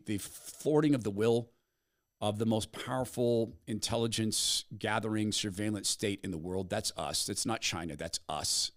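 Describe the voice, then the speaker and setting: A man hosting a commentary podcast, retelling a story with a dramatic, storytelling delivery. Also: mid-range voice. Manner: storytelling, dramatic pauses, animated. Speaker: podcast host. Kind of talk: commentary monologue.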